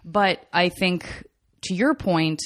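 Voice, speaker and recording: A woman hosting a podcast, talking in an earnest, animated way. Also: lowish voice, takes it slowly. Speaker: podcast host. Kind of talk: casual chat.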